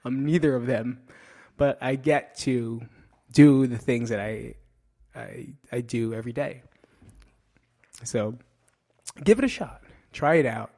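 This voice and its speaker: A man's voice: medium pitch, warm tone. A middle-aged man hosting a casual monologue, joking and swearing as he mocks himself. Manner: profane, joking, self-mocking. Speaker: podcast host.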